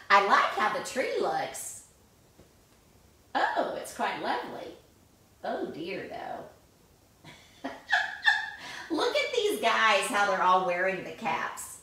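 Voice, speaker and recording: A woman reading a picture book aloud in an animated, exclamatory way, chatting about the pictures as she goes. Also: mid-range voice, creaky. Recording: echoey room, mic at a distance.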